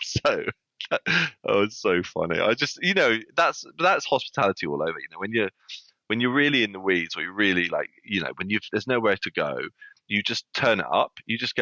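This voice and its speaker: Man, podcast guest, deep dry voice, quick animated yarn-spinner. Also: no echo. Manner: animated anecdote-telling with many restarts. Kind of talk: casual storytelling. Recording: dull lo-fi sound.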